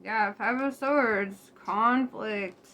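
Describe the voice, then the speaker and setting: A woman's voice: fairly high pitch, very slow, a bit bright. A young woman giving a casual tarot reading to her viewers, chatty and loose, laughing often and swearing freely. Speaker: tarot reader. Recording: faint background noise.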